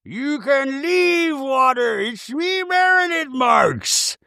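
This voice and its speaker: A man putting on a grandiose, mock-holy woman in a drawn-out falsetto as a comedy impression. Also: expressive, vocal fry, sharp tone, no echo, clean studio sound, heavily acted.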